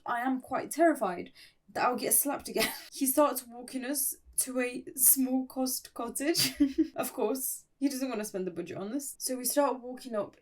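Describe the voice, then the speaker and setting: A woman's voice: on the high side, a little mellow, recorded from a distance. A woman casually reading a fan story aloud, with giggly, sarcastic asides. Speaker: story reader and commentator.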